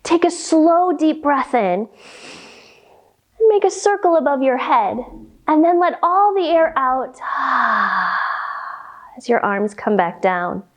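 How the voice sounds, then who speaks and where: A woman leads a children's yoga storytime, reading a picture book and guiding poses. Her voice sits high and swings widely in pitch, playful and instructive. She speaks slowly and gently, giving the children time to follow. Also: very animated.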